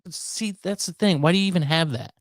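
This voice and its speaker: A man's voice: on the high side, quick pace, dry recording, studio quality. A man hosting a podcast, asking pointed questions with wry asides. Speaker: podcast host. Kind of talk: casual chat.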